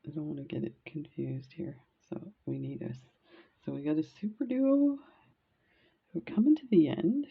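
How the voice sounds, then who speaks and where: A woman's voice: sits low, normal speed, gravelly, slightly rough, phone-quality sound. A woman from Canada who tells stories in a chatty, rambling way while beading, often laughing. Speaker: beading vlogger. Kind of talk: casual storytelling while beading.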